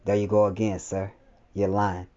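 A calm, resigned soldier bleeds out, his low voice pained and moaning, as a man reads him in a story. The sound is dull, like a lo-fi home recording. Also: moderate pace, lightly acted. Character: wounded dying male soldier, calm and resigned.

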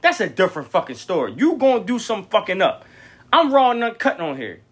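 A young man hosting a podcast, telling stories in a blunt, profane, animated way. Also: sits high, brisk, husky. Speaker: podcast host. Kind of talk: casual storytelling monologue.

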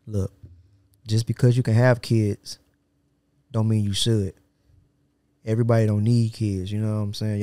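A man co-hosting a podcast in casual chat, slangy and quick to joke and laugh. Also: fairly low pitch, warm tone, no echo. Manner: joking, laughs often, slangy. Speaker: podcast co-host. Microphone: studio podcast mic.

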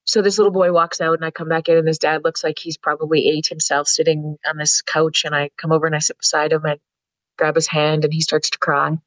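A woman's voice: low voice, little pitch movement, fairly quick, no echo, poor audio. A woman psychologist telling candid, earthy stories as a podcast guest, swearing freely. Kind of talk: storytelling in a podcast interview.

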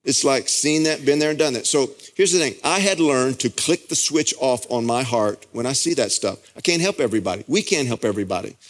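A middle-aged man with a drawl preaches from the pulpit, telling a story with rising fervor. His voice sits at an ordinary pitch and climbs as he presses his point. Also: lively intonation, a little fast, hardly any pauses. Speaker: pastor. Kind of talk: sermon.

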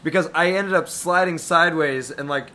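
A man's voice: on the high side, moderate pace, a crowd in the background. A young man, a river guide, chatting casually and swearing freely as he tells stories. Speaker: podcast co-host, river guide. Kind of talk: casual chat. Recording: faint room noise.

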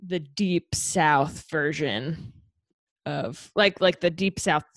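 A woman's voice: low voice, slow pace, no room sound, studio quality. A woman hosting a casual interview, asking curious questions and encouraging her guest. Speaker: host.

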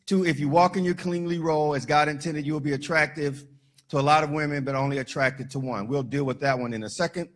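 A man preaching a sermon as pastor, animated and joking with the congregation, shouting at times for emphasis. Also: a little high, fast talker.

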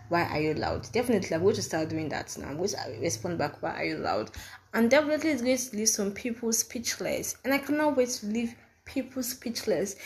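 A young woman co-hosting a podcast, talking in a casual, emphatic way, often repeating her points and acting out the questions people ask. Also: lowish voice. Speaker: podcast co-host. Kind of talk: casual chat.

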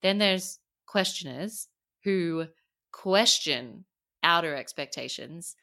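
A woman's voice: lowish voice, lively intonation, slow, pushed and bright. A woman with an Australian accent, a coach, explaining ideas in casual podcast chat and laughing often as she talks.

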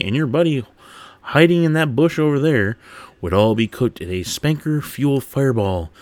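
Animated man reading aloud and riffing. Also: lowish voice, no echo. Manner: excitable, laughs often, breaks off to comment. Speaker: podcast host. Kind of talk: reading a game blog aloud with commentary.

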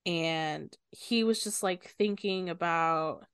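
A woman's voice: fairly low pitch, slow pace, a bit bright, clean tone, no echo, clean studio sound. A woman co-hosting a book podcast, casually recapping a novel, swearing freely and acting out the characters' lines.

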